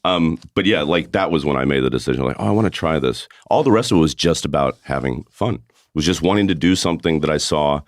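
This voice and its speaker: A man from the American Midwest, a guest in casual chat, earnest and often trailing off softly. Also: a bass voice, expressive, quick pace, no room sound, studio quality.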